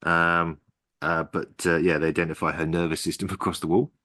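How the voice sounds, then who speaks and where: A man's voice: low-pitched, flat delivery, fairly quick, pushed and bright, no echo, clean studio sound. A man co-hosting a podcast, casually recapping a plot with lots of ums and restarts. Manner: rambling, recapping with many fillers. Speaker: podcast co-host. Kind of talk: casual chat.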